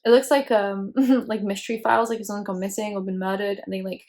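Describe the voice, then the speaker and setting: A woman's voice: medium pitch, flat delivery, fast, a little mellow. A young woman hosting a casual movie reaction video, chatty and opinionated with plenty of "like". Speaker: YouTuber host.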